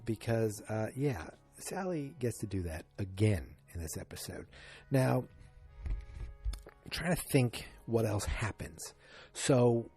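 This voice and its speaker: A podcast host talks through a TV episode in a loose, chatty way, slipping into quick voices for the characters. His low, husky voice sits over faint music. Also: mellow. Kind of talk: casual episode recap.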